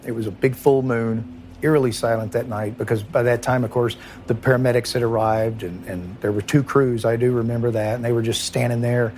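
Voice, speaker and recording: A middle-aged former police chief with a Kentucky accent recalls a night in a recorded interview, halting and emotional, with many restarts and trailing pauses. His mid-range voice is steady and darkish in tone, with a little hiss or hum in the audio.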